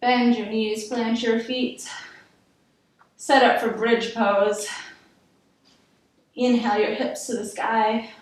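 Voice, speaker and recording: A woman's voice: fairly high pitch, flat delivery, takes it slowly, long pauses, distant mic. A woman yoga instructor guiding a workout class, encouraging and counting down reps. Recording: echoey room, voice from off-mic.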